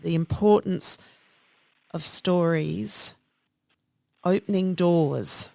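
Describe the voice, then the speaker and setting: A podcast host speaks slowly and thoughtfully. The voice has a gravelly edge and a dry, close sound. The speech comes across as warm and unhurried. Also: medium pitch, no echo. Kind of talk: interview conversation.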